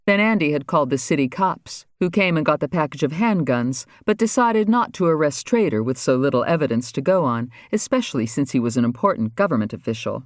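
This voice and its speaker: A man's voice: on the high side, expressive, fairly quick, hardly any pauses, dry recording. Man narrating a crime audiobook, dry sound. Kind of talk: scripted narration.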